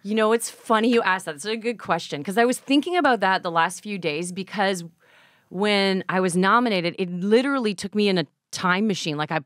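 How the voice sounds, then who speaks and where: A woman in her forties speaks in an ordinary middle-pitched voice, chatting candidly about her life in boxing. She tells her stories with animation and laughs often. The sound is close and dry, with no room around it. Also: fairly quick, a bit bright, no room sound. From Canada. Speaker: boxing coach and former boxer. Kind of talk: casual interview chat.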